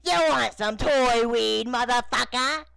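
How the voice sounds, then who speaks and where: A man voicing an aggressive male rapper doll with a drawling voice that grows shrill. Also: unhurried, gravelly, pushed and bright, clear, resonant tone, no echo, studio quality, full character voice. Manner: laid-back drawl turning to shrieks.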